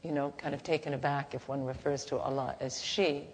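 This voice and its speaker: A woman teaching in a gentle, unhurried, halting way, softly chanting at times, in a reverberant hall. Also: rumbling low, fairly even intonation. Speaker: spiritual teacher. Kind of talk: devotional teaching talk. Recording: reverberant hall, faint background noise.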